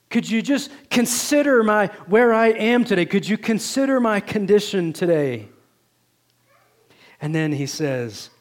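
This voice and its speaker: A man with a high voice, preaching a sermon as pastor in a church. He talks in an earnest, conversational way and keeps dropping from pleading calls into quiet, hushed asides. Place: church sanctuary.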